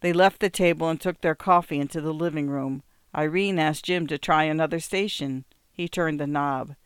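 Calm audiobook narrator, smooth voice, measured storytelling, dry close mic. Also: medium pitch, dry recording.

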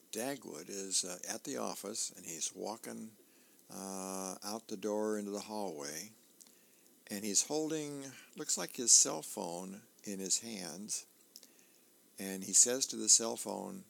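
A man reading the newspaper aloud as a volunteer for a radio reading service. His voice is low with a gravelly edge, unhurried, with the odd filler as he describes comic panels. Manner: plain, unhurried, with small fillers.

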